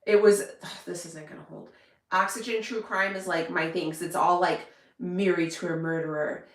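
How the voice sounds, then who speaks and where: A woman's voice: on the low side, fairly even intonation, normal speed. Chatty woman vlogger in an echoey room. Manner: rambling, chatty, many fillers and restarts. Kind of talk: casual chat to camera.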